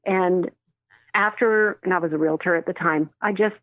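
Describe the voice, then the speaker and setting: A woman who works as a medium, telling stories in an animated way and acting out the voices in them. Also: fairly low pitch, normal speed, dry recording. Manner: animated, acts out quoted voices, laughs often. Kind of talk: storytelling in a phone interview. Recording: dry tinny phone line.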